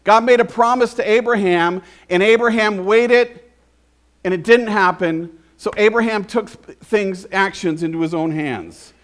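A man's voice: sits high, a little slow. A man preaching a conversational sermon, often asking the congregation questions. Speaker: pastor.

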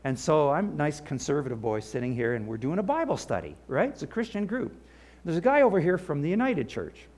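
An older man preaching a sermon, animated, with asides and the odd laugh, and a gravelly voice. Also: on the high side, a little fast. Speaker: pastor.

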